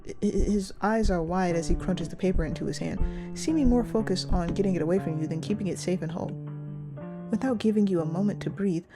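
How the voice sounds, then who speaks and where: A young woman reading a story game aloud and reacting in an animated, giggly, slangy way. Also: fairly low pitch, fairly quick, music in the background. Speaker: gamer playing a story game.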